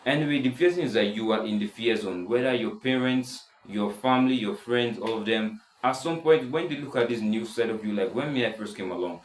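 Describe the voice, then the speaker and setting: A seventeen-year-old boy with a deep voice, rambling casually in a self-improvement vlog, full of restarts. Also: a little fast, few pauses, reverberant, slight background noise, low-quality recording. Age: teens. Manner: rambling, many restarts and "stuff like that". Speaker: vlogger.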